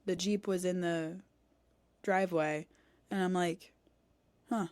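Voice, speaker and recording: A young woman chats on a podcast, telling a story with animated energy and acting out each exchange. Her voice sits low for a woman. The sound is dry and close, with no room around it. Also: slow pace, no echo. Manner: animated, acts out quoted dialogue, cusses. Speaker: podcast co-host. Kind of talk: casual storytelling chat. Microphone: studio podcast mic.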